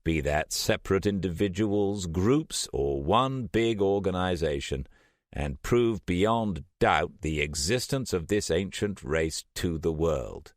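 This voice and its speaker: Deep guy reading an audiobook, lively delivery, dry close mic. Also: slow, no room sound. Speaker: audiobook narrator. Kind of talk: scripted audiobook narration.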